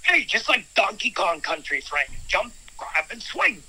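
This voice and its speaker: Man playing a stammering, rambling PI, very high and very bright. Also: very animated, unhurried, husky, heavily acted, rough recording. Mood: coaching. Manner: stammering, rambling, repeats himself. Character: jittery bumbling male private investigator, adult. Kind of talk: comedy phone-call bit.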